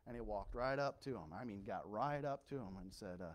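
A male pastor preaching a sermon with impassioned swings from quiet storytelling to loud emphasis. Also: lowish voice, animated, fairly quick, few pauses, slight background noise.

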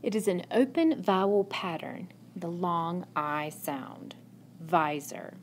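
Slow, patient woman teacher. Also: fairly low pitch, lively intonation, slight background noise. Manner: slow, patient, encouraging classroom delivery. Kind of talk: recorded phonics lesson. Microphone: tablet microphone.

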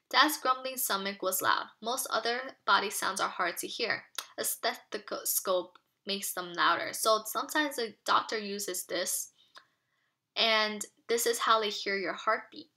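Bright-voiced teacher reading aloud. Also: female voice, medium pitch. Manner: expressive storytelling, asks children questions. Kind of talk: children's read-aloud with explanations.

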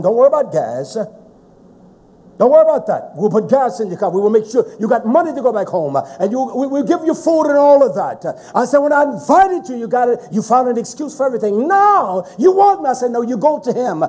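High-voiced shouting sing-song preacher man. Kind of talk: sermon.

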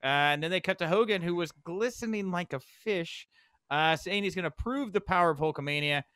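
A man hosting a podcast in casual chat, recapping events with lively, excitable asides. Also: sits high, fairly quick, smooth, dry recording. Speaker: podcast host.

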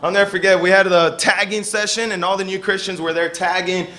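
A young man preaching a sermon as pastor, telling stories and acting out the people he quotes with lively energy. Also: sits high, brisk. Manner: animated storytelling, acting out quoted voices.

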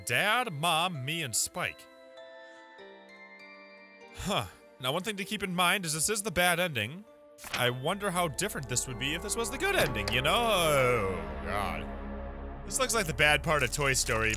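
A young man giving animated, jumpy commentary while playing a horror game, often exclaiming and laughing. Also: fairly high pitch. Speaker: let's play gamer. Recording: music loud behind voice. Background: game music.

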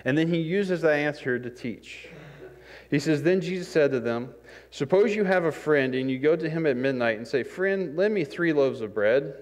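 A man with a fairly high voice and lively intonation preaches at a moderate pace, recorded with long hall reverb in a church sanctuary. His sermon is conversational and self-deprecating, and he acts out each scene he describes.

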